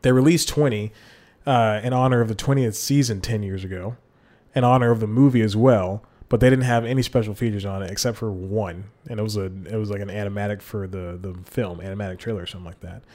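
A man's voice: on the low side, steady tone, fast, a little mellow. A man hosting his own podcast alone, rambling casually with chuckling asides and frequent self-corrections, talking into a desk mic with headphones on. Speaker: podcast host. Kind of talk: solo podcast chat.

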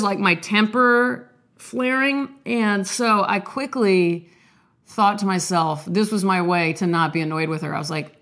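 A young woman, an artist vlogger, has a mid-range, slightly bright voice and a cold, coughing as she chats. She's rambling, candid and self-deprecating in a casual confessional before reading a poem aloud.

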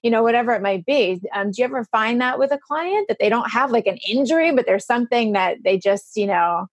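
A woman's voice: a little high, animated, a little fast, no echo. Chatty, self-deprecating woman host in her fifties. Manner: chatty and self-deprecating, with frequent laughter and restarts. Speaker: podcast host. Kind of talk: casual conversational interview.

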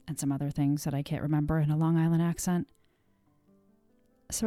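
A woman's voice: low-pitched, fairly even intonation, a little fast, warm tone, no room sound, faint music behind. A woman hosting a podcast, telling her own story in scripted narration with a wry, self-deprecating manner.

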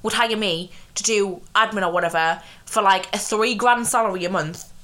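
A woman co-hosting a casual podcast, telling stories with plenty of swearing and laughter. Her voice sits at an ordinary middle pitch. She talks loosely, with lots of fillers. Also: moderate pace, a bit bright. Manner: chatty, swears a lot, laughs often. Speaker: podcast co-host. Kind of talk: casual chat.

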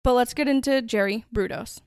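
A woman's voice: a little high, fairly quick, darkish tone, clear, resonant tone, no room sound, studio quality. A woman hosting a true-crime podcast, telling the story in a chatty, conversational way. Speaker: podcast host.

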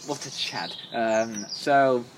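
Rambling man, faint hiss behind. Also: medium pitch. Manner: rambling, halting, full of fillers and restarts. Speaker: podcast co-host. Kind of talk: casual chat.

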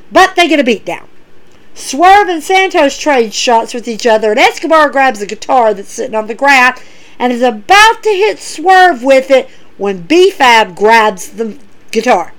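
A woman recapping wrestling episodes in an excitable, animated way, retelling quoted lines as she goes. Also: sits high, unhurried, rough recording. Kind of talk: casual recap commentary.

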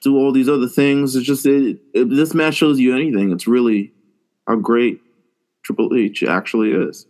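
A man co-hosts a podcast live watch in loose, casual chat. He is laid-back and keeps his voice at a plain middle pitch, often opening a thought with "listen". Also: normal speed, a little mellow. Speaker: podcast co-host.

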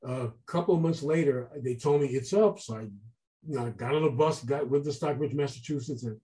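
A man telling a long story as an interview guest, animated and acting out the voices of people he quotes. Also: medium pitch, brisk, rough recording. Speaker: guest artist. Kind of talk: casual storytelling.

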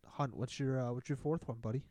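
A man's voice: mid-range voice, steady tone, fairly quick, a little mellow, no echo. A young man in his twenties, a podcast guest, talking in a laid-back, hesitant way with lots of uh and bro. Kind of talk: casual chat.

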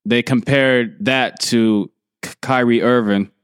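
A man hosting a podcast, telling stories in a relaxed, blunt way. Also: mid-range voice, slow pace, clear, resonant tone, no room sound, studio quality. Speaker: podcast host. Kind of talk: casual chat.

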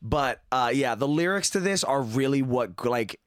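Young male podcast host, mid-pitched, rambling and profane, dry recording. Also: lively intonation, moderate pace, no room sound. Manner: rambling, filler-heavy, swears often. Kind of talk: casual chat about music.

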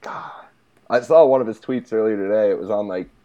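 A man's voice: on the low side, brisk. A man co-hosting a podcast, chatting casually and jokingly about films, often slipping into mocking quoted voices. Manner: animated, jokey, does mocking quoted voices. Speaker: podcast co-host. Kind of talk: casual film chat. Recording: dull lo-fi sound.

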